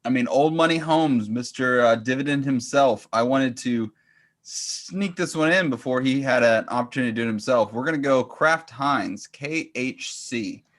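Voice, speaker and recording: Man calmly walking through a stock chart. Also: mid-range voice, moderate pace. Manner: relaxed, walks through charts step by step. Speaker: trading coach. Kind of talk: casual market chat.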